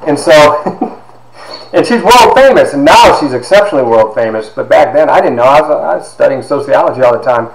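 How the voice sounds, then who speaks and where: A man, a university instructor, telling stories from his life to his class, lively and sometimes dropping into hushed asides. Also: mid-range voice, moderate pace, creaky, reverberant, a crowd in the background, rough recording. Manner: animated storyteller, drops to hushed asides. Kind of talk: storytelling lecture to a class.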